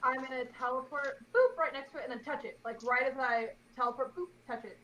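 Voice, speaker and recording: A woman playing in a tabletop game, chatting casually with plenty of "like" and "um" and quick little laughs. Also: high voice, a bit bright, low-quality recording. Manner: chatty, giggly, full of "like" and "um".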